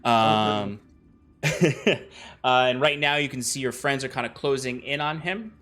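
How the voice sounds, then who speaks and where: A man's voice: medium pitch, a little slow, pushed and bright. A man running a tabletop game as game master, talking casually with frequent restarts. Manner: casual, rambling with restarts and laughs.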